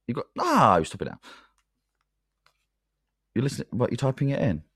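A man's voice: medium pitch, huge pitch swings, normal speed, creaky, fairly bright tone, breathy edge, no room sound, clean studio sound. A man co-hosting a podcast, flustered and sweary. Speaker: podcast co-host. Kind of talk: casual chat.

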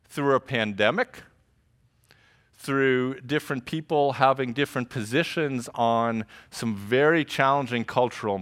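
A middle-aged man preaching a sermon to his congregation in an animated, joking, conversational way. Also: medium pitch. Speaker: pastor. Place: church service before a congregation.

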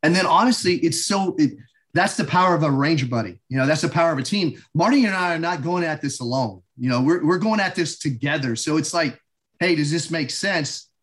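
A man's voice: on the high side, expressive, fast talker, fairly bright tone. A man who is a guest in an interview and a former military instructor, speaking in an upbeat, motivational coaching way. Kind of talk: conversational interview.

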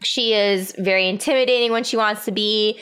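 A woman's voice: medium pitch, steady tone, fairly quick, fairly bright tone, smooth. A woman co-hosting a casual podcast, earnestly gushing compliments to a friend. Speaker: podcast co-host.

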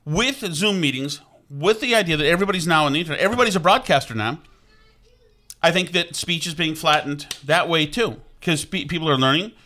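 This is an expressive, brisk middle-aged man from Vermont in a casual, rambling chat. He loops back on himself with restarts and asides, his slightly high voice sounding bright and forward.

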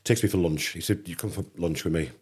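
Husky low-voiced Englishman telling a story. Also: fast talker. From England. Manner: animated anecdote teller, acts out dialogue. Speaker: podcast guest. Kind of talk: casual storytelling.

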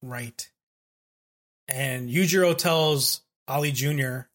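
A man recapping an anime in casual chat, animated and profane, acting out the characters as he retells. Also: sits high, moderate pace, slightly rough. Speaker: podcast host recapping an anime.

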